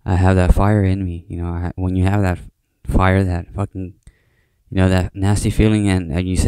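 A young man talking alone in a casual, rambling podcast monologue at home late at night, swearing often and filling pauses with "you know.". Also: deep voice, flat delivery, a little mellow, smooth, no echo. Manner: rambling, heavy swearing, many fillers. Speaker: podcast host.

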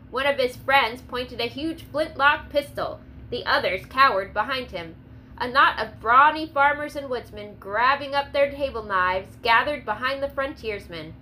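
A woman reads a historical story aloud with expressive narration. Her voice is high and bright. A faint hiss runs under the recording. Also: rough recording. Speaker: audiobook narrator. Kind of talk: scripted narration.

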